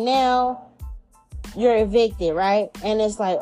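A woman giving a casual spiritual reading, talking in a chatty, slangy way, swearing freely and acting out imagined voices with big jumps in pitch. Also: measured pace, mellow, faint music behind. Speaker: tarot reader.

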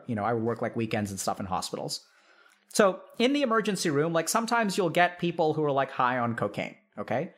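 Man, psychiatrist, casual talk to audience, high voice, animated, filler-heavy. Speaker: psychiatrist and streamer host.

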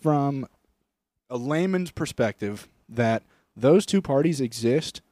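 A man's voice: medium pitch, lively intonation, slow pace, warm tone, dry recording. A young man co-hosting a comedy podcast in casual chat, rambling and acting out silly bits in voices. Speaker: podcast co-host. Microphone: close studio mic.

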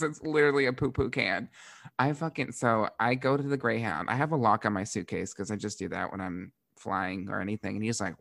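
Animated, profane young man telling stories. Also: mid-range voice, no echo, clean studio sound. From Florida. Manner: animated, profane, laughs often. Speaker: podcast host, drag performer. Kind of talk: casual storytelling.

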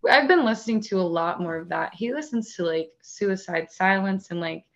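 A woman in casual chat, talking in a relaxed, rambling way with lots of fillers and frequent laughs. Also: mid-range voice, normal speed, muffled recording. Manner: chatty, many "like" fillers, laughs often.

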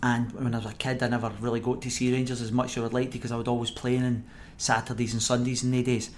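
In a podcast interview, a former footballer in middle age tells stories at a quick pace in a Scottish accent, full of energy and frequent laughter. He voices the people he quotes, speaking at an ordinary middle pitch over a faint hum.

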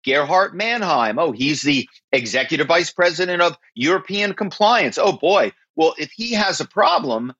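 A man's voice: on the high side, expressive, pushed and bright, husky, lo-fi sound, voice pushed up, heavily acted. A man playing a flustered office worker. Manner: rushed, anxious. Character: flustered eager-to-please male office employee.

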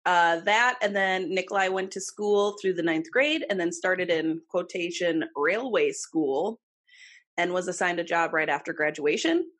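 A woman's voice: fairly low pitch, steady tone, normal speed, few pauses, fairly bright tone. Chatty woman telling a story casually. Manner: swearing, laughing, lots of fillers. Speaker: podcast co-host telling a case. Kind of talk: casual chat.

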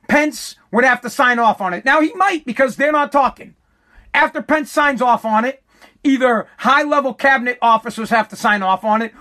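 A woman's voice: fairly high pitch, a bit bright. A fired-up woman ranting about politics, swearing freely and dripping with sarcasm. Her delivery is heated, and she stumbles over repeated words as her anger builds. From United States. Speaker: political commentator. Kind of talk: angry political rant.

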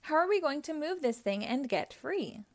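A woman's voice: sits high, big pitch swings, normal speed, voice pushed up. A woman voicing a brash, scornful villain man who snaps and sneers in a read-aloud storybook. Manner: sneering, snapping, loud.

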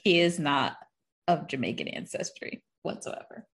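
A woman's voice: sits low, lively intonation, moderate pace, a bit bright. A woman co-hosting a casual movie podcast, candid and blunt, laughing often and swearing casually. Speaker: podcast co-host. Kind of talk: casual chat.

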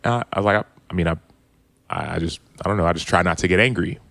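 A man's voice: low voice, fast talker, gravelly, a bit bright, no room sound. A man in his thirties, a podcast guest and former football player, earnestly telling a personal story with many restarts. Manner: earnest, open, retelling quotes with frequent restarts. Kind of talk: reflective storytelling.

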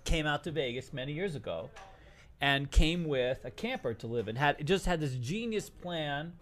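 A man's voice: a little high, expressive, normal speed, a bit bright. A man co-hosting a casual podcast, teasing his co-host and interjecting often with jokes.

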